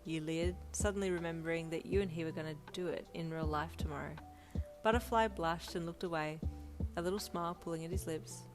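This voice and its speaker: A woman narrating a fanfiction audiobook in a steady storytelling manner. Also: deep voice, a little fast. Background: faint lo-fi music.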